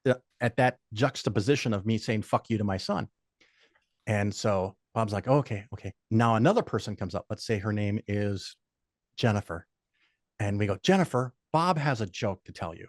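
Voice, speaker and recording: Speaking at a moderate pace in a lowish voice, this older podcast guest swaps stories in relaxed conversation. He curses frequently and acts out other people's voices in his lively anecdotes. The studio audio is clean and echo-free.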